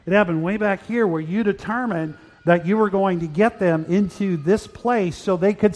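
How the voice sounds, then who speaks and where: An older man preaching a sermon, earnest, rising to loud emphatic peaks. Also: high-pitched, normal speed, few pauses. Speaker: pastor. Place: church hall.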